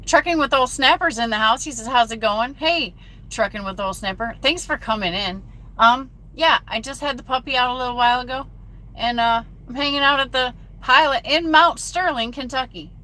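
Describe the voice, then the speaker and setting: Bright-voiced chatty woman trucker. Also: sits high, normal speed. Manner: chatty, reads viewer comments aloud. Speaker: truck driver livestreaming. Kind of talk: casual live-stream chat. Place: truck cab at a truck stop. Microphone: phone.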